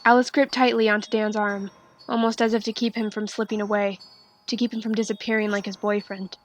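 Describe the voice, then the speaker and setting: A woman reading a fan fiction story aloud with steady, expressive narration. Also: medium pitch, a little fast, slight background noise.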